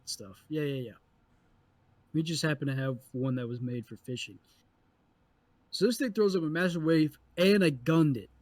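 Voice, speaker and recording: Man, higher voice, profane, animated storyteller, dry close mic. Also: normal speed, long pauses, dry recording. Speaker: podcast co-host. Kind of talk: casual storytelling chat.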